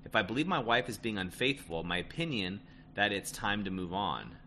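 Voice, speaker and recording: A man's voice: on the low side, very animated, a little fast, bright, forceful tone, slight background noise. A man coaching listeners on relationships in a casual, emphatic way, often tagging lines with "right?". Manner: emphatic, repeats "right?" and "end of story". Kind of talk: casual advice talk.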